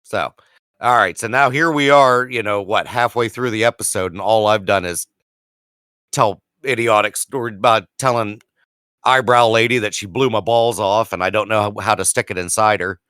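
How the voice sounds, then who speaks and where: A man's voice: moderate pace, pushed and bright, clear, resonant tone, no room sound, clean studio sound. A man in his forties, a podcast co-host, casually telling a self-mocking, profane story and acting out the other voices. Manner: profane, self-mocking, acts out quotes with rising pitch.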